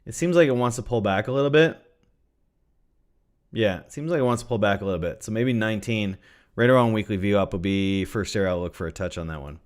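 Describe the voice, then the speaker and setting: A man's voice: fairly low pitch, a little fast. A man hosting a live trading stream, chatting casually and thinking aloud, often repeating his phrases. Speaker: trading livestream host. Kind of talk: casual livestream market analysis.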